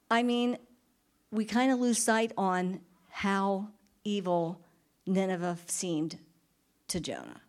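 Woman, Bible study leader, casual and talkative, lots of "like" and "I mean", quick laughs. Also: mid-range voice, lively intonation. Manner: chatty, thinks aloud with fillers; laughs often while retelling. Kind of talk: informal Bible teaching.

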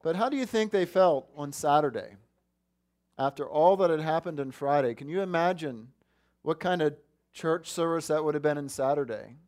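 A man's voice: on the high side, moderate pace, a little mellow. Earnest man preaching a sermon. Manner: earnest, asks the congregation questions. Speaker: pastor.

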